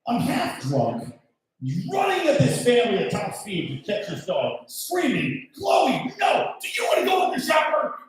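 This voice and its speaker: A man in his thirties doing loud, brash stand-up comedy, working the crowd and swearing freely. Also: fairly high pitch, far from the mic. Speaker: stand-up comedian hosting the show. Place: comedy show in a golf club venue. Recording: echoey room, mic heard from afar.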